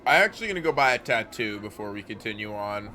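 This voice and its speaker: Bright-voiced man streaming a game. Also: on the low side, expressive, fast, a little hiss or hum. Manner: chatty, reads narration aloud with occasional stumbles. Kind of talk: live gameplay commentary and reading game text aloud.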